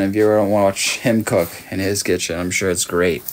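A man's voice: lowish voice, steady tone, moderate pace, few pauses. A man in his thirties with an Australian accent, chatting casually and teasing his viewers as he reads their messages on a late-night livestream. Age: 30s. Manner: playful, teasing, reads chat aloud.

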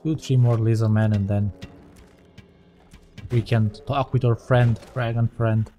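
A man's voice: medium pitch, steady tone, measured pace, mellow, soft background music. Rambling man narrating his gameplay. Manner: rambling, thinking aloud, self-correcting. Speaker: gaming channel host. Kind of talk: let's play commentary.

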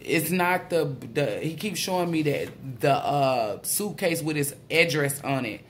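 A woman doing a casual spiritual tarot reading, excitable and blunt, swearing freely. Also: low voice, unhurried, a little hiss or hum. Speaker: tarot reader.

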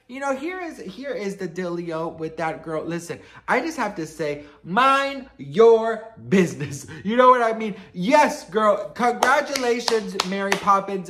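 A man's voice: sits high, animated, a little slow, hardly any pauses, noisy background. A man giving a casual celebrity gossip vlog, sassy and dramatic, swearing often and rambling as he tells his story. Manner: rambling, loses his train of thought.

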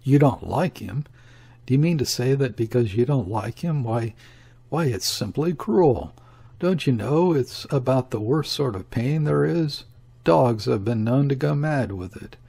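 A worried, fussy older father, as a male narrator puts him on, pressing his point in urgent rushes. The voice has a husky grain and an unhurried underlying pace, pitched in an ordinary middle register. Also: animated, mellow, full character voice. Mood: fretful. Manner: urgent, fretful, talks in rushes.

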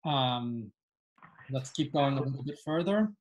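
A woman's voice: rumbling low, expressive, a little slow, darkish tone. A woman teaching an online lesson on Yiddish dialects, reading passages aloud and translating them. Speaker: webinar teacher. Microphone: video call.

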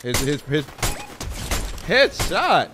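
A man's voice: fairly high pitch, big pitch swings, very slow, background noise. A man chatting casually on a live game stream, reacting to the action and chewing food as he talks. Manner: chewing food while talking. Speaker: gaming streamer. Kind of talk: casual live-stream chat while gaming.

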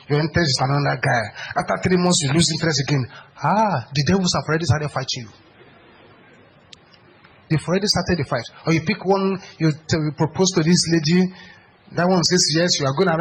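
Male preacher, higher register, punchy and repetitive delivery, faint noise behind. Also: low-quality recording. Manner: emphatic, repetitive, rises to shouted prayer. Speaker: pastor. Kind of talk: sermon.

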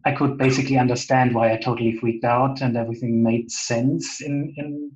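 A man with a German accent, talking in a casual interview over a video call, hesitant with many restarts and soft laughs. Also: mid-range voice, fairly even intonation, a little fast. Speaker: interview guest. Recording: echoey, dull lo-fi call audio.

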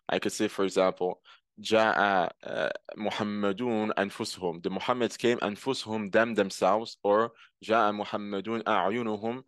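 A man with a lowish voice teaches grammar one step at a time, dropping in words and translating each, and patiently repeats the key terms. The sound is close and dry with no room sound, and a bit bright.

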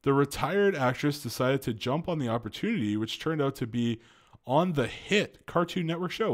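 A man's voice: mid-range voice, animated, moderate pace. A man hosting an online video, reading a news article aloud and breaking in with his own reactions, filler words and remarks to viewers. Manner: reads aloud with frequent interjections and fillers, addresses viewers as folks.

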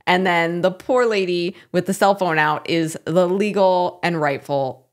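A woman co-hosting a podcast, recounting a news story in a lively, chatty way. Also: fairly low pitch, a little slow. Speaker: podcast co-host. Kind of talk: casual commentary.

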